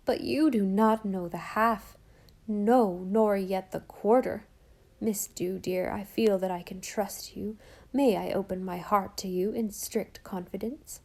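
A fretful housekeeper, read by a woman, pours out her woes in a mellow, warm voice. She talks solemnly and imploringly, making every grievance sound dramatic. It is an audiobook character voice. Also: mid-range voice, measured pace. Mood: solemn complaint.

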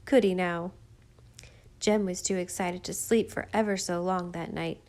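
A woman narrating a children's story in a gentle, even storytelling voice. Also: fairly low pitch, normal speed. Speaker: audiobook narrator.

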